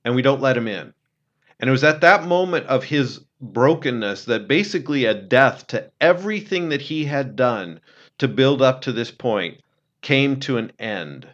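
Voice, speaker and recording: A man telling a story in an earnest, conversational way, dropping low and quiet when he quotes someone. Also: lively intonation, normal speed, highs cut off. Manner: earnest, retells a film scene, drops low and quiet for quotes. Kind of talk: casual storytelling talk.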